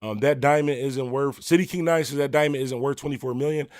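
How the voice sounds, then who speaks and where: Fast-talking man hosting a casual livestream. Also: medium pitch, steady tone, dry recording, studio quality. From Buffalo, New York. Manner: rambling and conversational, full of fillers and shout-outs. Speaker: host of a music talk livestream. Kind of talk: casual livestream chat, reading viewer comments.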